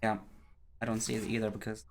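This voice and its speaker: A man's voice: fairly low pitch, flat delivery, fast talker. A man playing a tabletop game with friends, casually explaining the rules to the other players.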